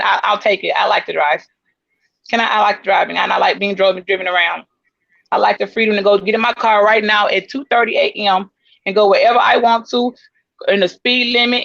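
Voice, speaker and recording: A woman hosting a casual talk show, blunt and teasing, quick to laugh, on dull lo-fi audio. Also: mid-range voice, gravelly, a bit bright, no room sound. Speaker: show host.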